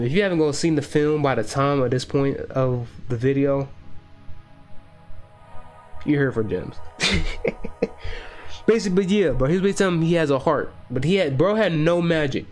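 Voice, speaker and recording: A young adult man hosts a podcast, delivering a loose, profane, slangy, and excitable breakdown of a film as a casual monologue. His voice is medium in pitch.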